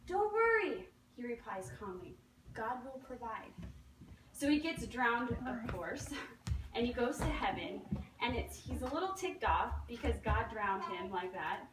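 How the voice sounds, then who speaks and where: A woman's voice: fairly high pitch, lively intonation, moderate pace, noisy background. A young woman giving a nervous testimonial at a meeting, telling a story with many ums and acting out quoted voices. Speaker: testimonial speaker. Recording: echoey room, recorded from far off.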